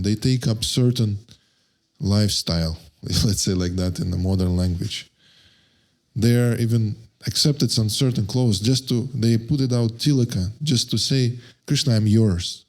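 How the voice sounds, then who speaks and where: Male devotional lecturer, middle pitch, hesitant and searching delivery. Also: darkish tone. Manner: halting, searching for words, frequent restarts; chants verses slowly in a raised voice.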